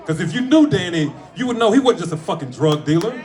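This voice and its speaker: A man, a comedian, speaking at a friend's memorial, mixing funny stories with tribute, animated and profane, with sudden shouts. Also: high voice, fairly quick, hardly any pauses. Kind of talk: storytelling eulogy with jokes. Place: room with a gathered audience.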